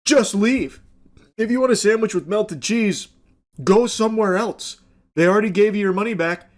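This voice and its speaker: A man's voice: high-pitched, normal speed. A man commenting on a video clip in a sarcastic, exasperated way, swearing bluntly. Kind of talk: reaction commentary.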